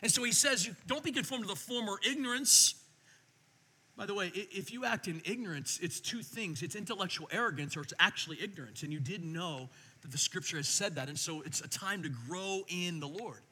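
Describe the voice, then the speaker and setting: Male pastor, sermon, middle-aged, very bright tense tone, lively storytelling. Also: high-pitched, a little fast, breathy edge, long reverb tail. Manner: animated storytelling, swinging between quiet and loud.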